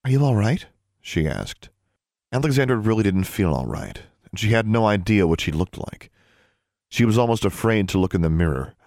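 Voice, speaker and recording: A man narrating an audiobook in an expressive storytelling manner. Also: lowish voice, fairly quick, dry recording, clean studio sound.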